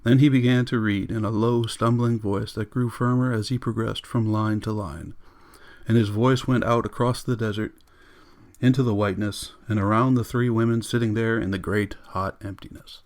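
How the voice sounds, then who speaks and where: Low-voiced man reading an audiobook. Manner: steady, measured reading. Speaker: audiobook reader. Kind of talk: audiobook narration.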